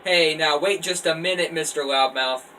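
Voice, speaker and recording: A man voicing a tough, streetwise teenage boy who talks loud and slangy, recorded from a distance with a faint air-conditioner hum. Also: a little high, moderate pace, voice pushed up. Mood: confrontational.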